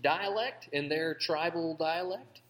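Dry, deadpan man with hall echo. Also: a little high, slow. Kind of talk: comedic banter. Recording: long hall reverb.

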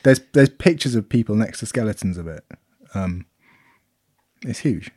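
A man's voice: lowish voice, expressive, moderate pace, a little mellow, dry recording, clean studio sound. A British man co-hosting a casual podcast chat, explaining things in a rambling way with lots of fillers. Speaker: podcast co-host.

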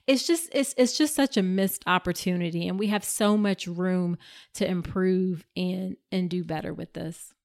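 A woman with a lowish voice hosts a podcast, speaking as a care provider. She talks in a casual, affirming way, leaning on fillers as she builds her points. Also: moderate pace, gravelly, darkish tone. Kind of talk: conversational interview.

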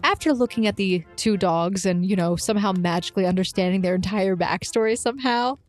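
A woman's voice: mid-range voice, fairly quick. A woman narrating as game master in a playful, often laughing way.

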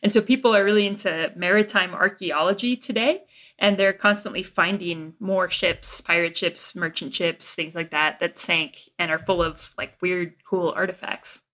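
A woman guest on a podcast, relaxed and thoughtful, using casual fillers. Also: lowish voice, moderate pace. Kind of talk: casual chat.

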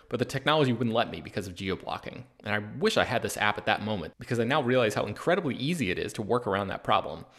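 A man hosts a film news podcast. He talks in a relaxed, loose way and fills pauses with ums and uhs. His voice sits at an ordinary middle pitch. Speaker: podcast host and film editor. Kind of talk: casual podcast chat with read ads.

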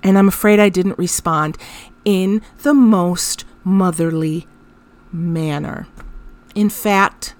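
Speaking slowly in a fairly low voice, this podcast host, a woman in her thirties, recounts a tale about her son. Her tone is dry and self-mocking, and she turns animated in moments of exasperation.

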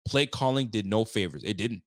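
Fired-up low-voiced man. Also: animated, brisk, no echo, clean studio sound. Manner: casual, heated, slangy. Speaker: sports fan show host. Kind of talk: postgame livestream reaction, reading viewer chats.

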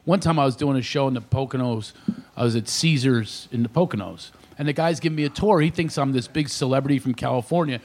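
A male comedian telling animated family stories as a guest on a radio talk show, laughing often. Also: mid-range voice, fast talker. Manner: animated, laughing, imitates his dad and others.

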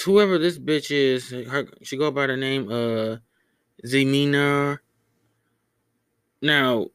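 A man's voice: medium pitch, a bit bright, dry recording. Casual profane man, dry close sound. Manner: loose, profane, stumbling over words. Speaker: podcast host. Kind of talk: casual rambling monologue.

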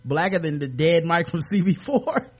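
A man's voice: on the high side, expressive, normal speed. A male podcast host on a video call, chatting casually and joking, often laughing as he talks. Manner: jokey, laughs often while talking.

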